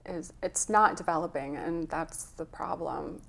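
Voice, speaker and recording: A woman's voice: low-pitched, a little slow, gravelly, fairly bright tone. A woman guest and health coach, talking earnestly in an interview, telling a story with some emotion. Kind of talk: conversational interview.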